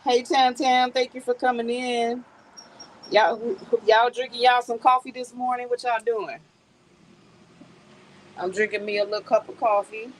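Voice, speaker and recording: A woman's voice: a little high, fairly even intonation, normal speed, long pauses, rough recording. A middle-aged woman hosts a casual live stream from her yard, speaking into a phone. She chats freely with her viewers and laughs often. Faint crickets and outdoor noise sit behind her voice. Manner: chatty, laughs often, talks to viewers as y'all.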